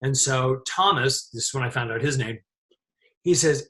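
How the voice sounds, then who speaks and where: A middle-aged man, a set dresser, telling a lively anecdote in an interview and laughing often as he talks. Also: mid-range voice, moderate pace.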